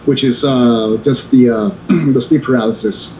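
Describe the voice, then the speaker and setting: Mellow-voiced man, halting casual chat. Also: medium pitch, steady tone. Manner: halting, many restarts and fillers. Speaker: podcast co-host. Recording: echoey room with faint noise.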